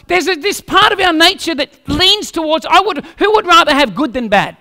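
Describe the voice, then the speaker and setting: A man preaching a sermon as a pastor, telling stories with animated humor. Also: very high-pitched, normal speed, long reverb tail.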